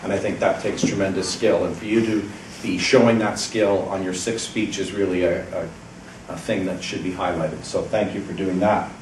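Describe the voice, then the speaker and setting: A man giving an encouraging, measured evaluation of a speech at a club meeting, pausing deliberately between points. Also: low-pitched, steady tone, a little mellow. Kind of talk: prepared feedback speech. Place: meeting room, speaking at a lectern. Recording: roomy, distant, faint background hiss.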